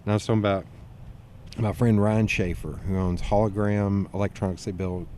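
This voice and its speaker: A man hosting a podcast, telling stories in a relaxed conversational way. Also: lowish voice, a little hiss or hum. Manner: storytelling, quick and animated with restarts. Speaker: podcast host. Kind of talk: casual conversational interview.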